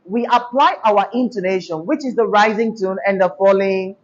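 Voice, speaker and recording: A woman's voice: mid-range voice, muffled recording. A woman teaching a diction class, asking questions and having pupils repeat after her. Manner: call-and-response prompting, deliberate.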